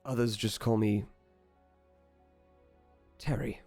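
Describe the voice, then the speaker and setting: A man's voice: lowish voice, fairly even intonation, takes it slowly, darkish tone, faint music behind. A man voicing a smirking human singer with a showy stage manner. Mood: smug. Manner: smug showman.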